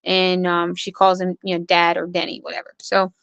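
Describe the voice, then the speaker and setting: A young woman speaks as an interview guest, earnestly walking through what happened and quoting the people involved. Her voice is bright and smooth, held in a narrow, even pitch range. The sound is dry and close. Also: moderate pace, dry recording. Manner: earnest, recounts events with quoted dialogue. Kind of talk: personal account in conversation.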